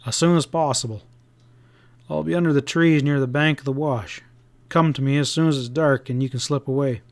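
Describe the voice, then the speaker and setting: A man voicing a frightened young cowhand in a western audiobook, hurried and stammering. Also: mid-range voice, steady tone, natural voice.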